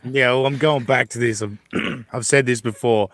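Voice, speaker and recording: A man's voice: mid-range voice, steady tone, normal speed, fairly bright tone, no echo, studio quality. A man teasing crudely and laughing at his own jokes in casual podcast banter.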